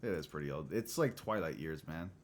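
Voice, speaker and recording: A man's voice: extremely low pitch, expressive, a little fast, slight background noise. Laughing man in his late twenties. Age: late 20s. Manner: laughs often, rambling and facetious. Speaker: livestream host. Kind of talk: casual chat with viewers.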